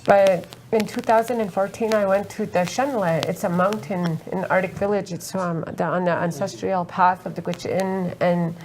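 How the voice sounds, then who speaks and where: A woman from Alaska speaking earnestly on a festival panel, halting with many fillers and close to tears. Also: mid-range voice, steady tone, crowd noise. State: emotional, near tears. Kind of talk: panel talk, personal testimony. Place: festival roundtable.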